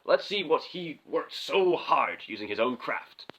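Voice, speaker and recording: A man's voice: a little high, sing-song, unhurried, heavy background noise. A man hosting a comedic film review, sarcastic and theatrical, often exasperated.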